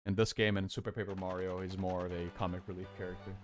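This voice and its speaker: A man's voice: deep voice, flat delivery, fast, soft background music. A man streaming a game live, giving casual commentary and reading the game's text aloud.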